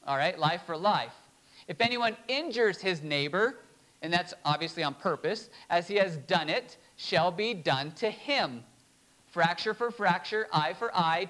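High-voiced man preaching a sermon. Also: fairly bright tone, poor audio. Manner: slow, emphatic scripture reading with short laughs. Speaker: pastor.

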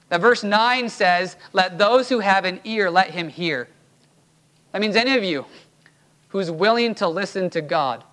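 A male pastor preaching in church with a high-pitched voice. He drives his points home emphatically, pressing hard on repeated lines to urge his congregation on. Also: fairly bright tone. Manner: emphatic, rising to urgent exhortation. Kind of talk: sermon.

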